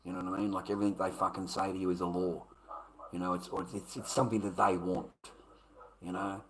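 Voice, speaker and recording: A man with an Australian accent talks straight to his live chat in a low voice. He rambles, circles back on his own phrases and swears heavily as he defends himself. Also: flat delivery, quick pace, slight background noise, rough recording. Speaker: livestreamer. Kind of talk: casual ranting to a live chat.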